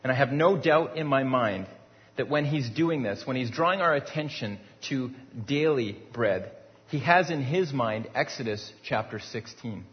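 A man's voice: mid-range voice, expressive, normal speed. Man preaching in a reverberant hall. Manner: conversational preaching with rhetorical questions and repeated words. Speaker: pastor. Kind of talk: sermon. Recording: dull sound with long hall reverb.

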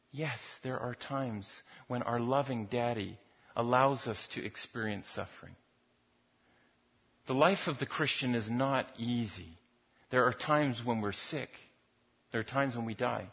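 Husky-voiced man preaching a sermon. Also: medium pitch, a little slow. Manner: conversational storytelling, repeats words. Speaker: pastor. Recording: dull lo-fi recording.

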